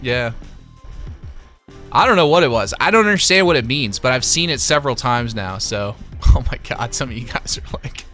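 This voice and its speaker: A man's voice: mid-range voice, animated, normal speed, pushed and bright, soft background music. A man hosting a casual livestream, reading out viewer comments and chatting loosely with his chat, swearing now and then. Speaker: livestream host.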